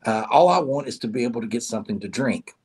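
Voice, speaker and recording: A man's voice: mid-range voice, animated, fast, darkish tone, slightly rough. A man telling a parable, voicing a thirsty talking tree by a river that begs for help. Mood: pleading.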